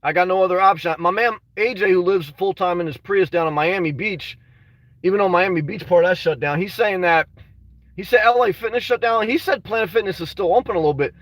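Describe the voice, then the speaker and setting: Casual livestreamer, male, high-pitched, rambling and frustrated, dry sound from a distance from the mic. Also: fairly quick, fairly bright tone, dry recording. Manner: rambling, frustrated, full of "man" and restarts. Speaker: vlogger reading live chat.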